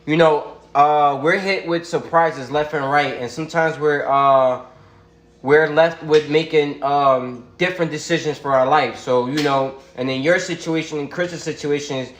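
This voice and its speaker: A man's voice: fairly high pitch, fairly even intonation, a little slow, a bit bright, reverberant. A man hosting a livestream video call, chatting casually and supportively, often saying "bro" and "you feel me". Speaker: livestream host.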